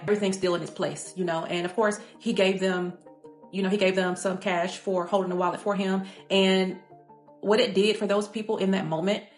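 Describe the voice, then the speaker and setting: Woman, chatty earnest vlog storytelling, lots of "you know", talks fast. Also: medium pitch. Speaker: vlogger. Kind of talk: personal storytelling monologue. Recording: echoey room with faint music.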